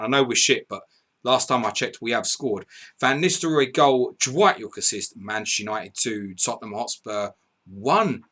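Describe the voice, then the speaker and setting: A man hosting a live fantasy football stream, excitedly reading out scores and viewer messages, swearing and laughing as he goes. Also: fairly low pitch. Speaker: podcast host.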